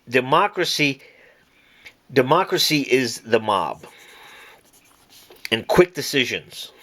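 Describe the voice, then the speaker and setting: A man's voice: medium pitch, sharp tone. Emphatic man preaching on scripture. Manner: emphatic, repeats key words, stretches words out slowly for stress. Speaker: Bible teacher.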